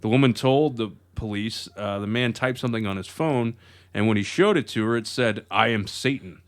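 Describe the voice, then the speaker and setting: A man's voice: mid-range voice, brisk. Laid-back man reading news jokes. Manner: laid-back, reads stories aloud between chuckles. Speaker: podcast co-host reading news stories. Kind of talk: casual comedy podcast chat.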